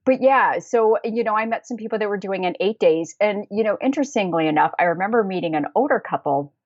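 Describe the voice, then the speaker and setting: An American woman telling travel stories in a casual podcast interview, chatty and quick to laugh, with many fillers. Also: medium pitch, lively intonation, no room sound. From United States. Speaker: guest, travel planner. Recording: dull, dry lo-fi audio.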